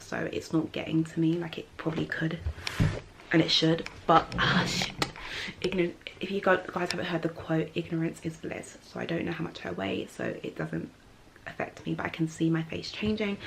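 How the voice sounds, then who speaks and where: A woman's voice: fairly low pitch, creaky. A young woman from England, chatting candidly through a casual question-and-answer vlog, filmed outdoors at dusk on a camera held close. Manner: chatty, candid, filler-heavy. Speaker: vlogger. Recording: faint background noise.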